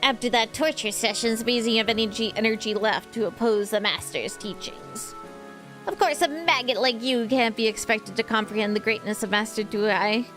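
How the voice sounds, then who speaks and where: A woman's voice: a little high, moderate pace, fairly bright tone, soft background music, close to an everyday voice. A woman voicing a cruel male henchman in a game, sneering with a put-on Texan drawl. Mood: mocking. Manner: sneering, taunting.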